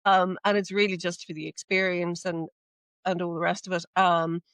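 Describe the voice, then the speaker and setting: A woman's voice: fairly low pitch, moderate pace, clear, resonant tone, dry recording. A middle-aged Irish woman, a podcast guest, telling a story in casual chat and acting out the dialogue. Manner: animated storyteller, acts out quoted dialogue.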